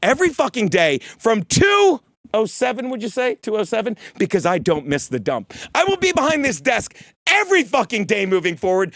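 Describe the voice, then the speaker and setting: A man's voice: extremely high pitch, fairly bright tone, no room sound, clean studio sound. A middle-aged man hosting a podcast from his desk, tipsy on whiskey, ranting in a heated, rambling, profane way and spelling words out letter by letter. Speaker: podcast host. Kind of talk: profane comedic rant. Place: studio desk.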